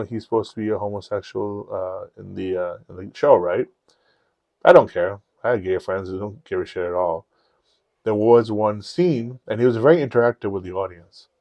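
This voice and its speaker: A man on a podcast telling personal stories in a candid, profane, animated way. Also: on the low side, no echo. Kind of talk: casual storytelling chat.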